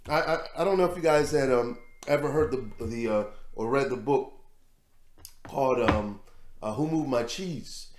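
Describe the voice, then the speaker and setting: A man's voice: medium pitch, normal speed, reverberant, noisy background. A man giving casual, rambling commentary on a news story as host of his own show, repeating words as he goes. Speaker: vlog host.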